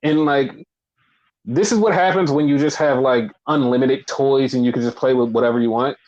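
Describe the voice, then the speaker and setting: A man co-hosting a casual wrestling recap podcast, blunt and profane, talking in an animated, opinionated way. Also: mid-range voice, moderate pace. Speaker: podcast co-host. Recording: dull lo-fi podcast audio.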